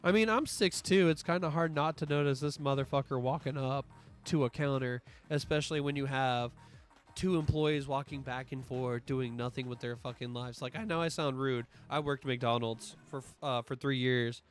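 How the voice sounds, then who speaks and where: A man's voice: mid-range voice, fairly even intonation, normal speed. Male streamer, casual and profane storyteller, voice slightly strained, faint music under the chat. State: voice strained from allergies.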